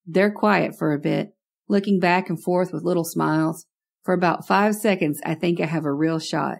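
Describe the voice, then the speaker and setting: A woman's voice: on the low side, normal speed, vocal fry. A woman narrating a first-person horror story in a wry, conversational way.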